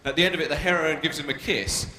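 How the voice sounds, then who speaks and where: On a big arena stage before a live crowd, a young comedian from Britain with a British English accent trades cheeky, provocative banter with the audience. His slightly high voice stays steady and rapid-fire, and the recording is echoey, with long reverb and crowd noise.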